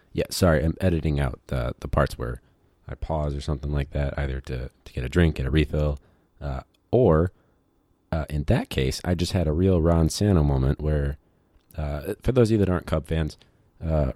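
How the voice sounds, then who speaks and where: A male high school teacher with a very deep, mellow voice talks through a loose, digressive podcast monologue, full of fillers and side stories. The recording is dry and close, with no room sound. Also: steady tone, normal speed, no room sound. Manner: rambling, digressive, many fillers.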